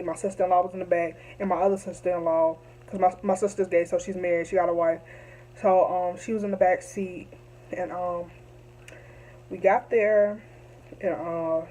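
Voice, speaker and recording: A woman's voice: lowish voice, a little mellow, low-quality recording. A young woman telling a story to camera, emphatic and repetitive, heated at times. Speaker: vlogger.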